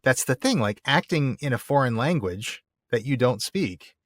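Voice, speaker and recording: Earnest, halting male podcast host. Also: mid-range voice, expressive, a bit bright, dry recording. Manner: earnest, halting, with many restarts. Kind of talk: casual chat.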